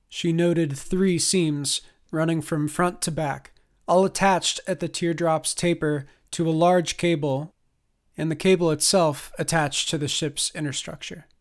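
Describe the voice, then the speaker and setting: A man reading a science fiction audiobook as narrator, in a measured, expressive way. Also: fairly high pitch. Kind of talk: scripted narration.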